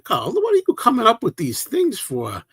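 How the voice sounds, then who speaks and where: A man's voice: high-pitched, wildly swooping pitch, moderate pace, fairly bright tone, breathy edge. A man hosting a casual livestream, answering viewer comments in a rambling, chatty way that often restarts mid-sentence. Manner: rambling, self-interrupting, chatty.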